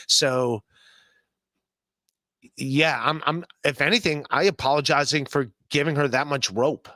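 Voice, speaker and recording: A man's voice: fairly high pitch, unhurried, sharp tone, no room sound. A man hosting a podcast, talking in a rambling, stammering, blunt and profane way. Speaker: podcast host. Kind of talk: casual podcast chat.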